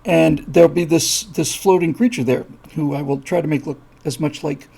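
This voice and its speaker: A man hosting a live show, rambling through an animated story with lots of fillers and acted-out voices. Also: on the high side, moderate pace, gravelly, slightly rough. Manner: rambling, many fillers, acts out voices in his stories. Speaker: host.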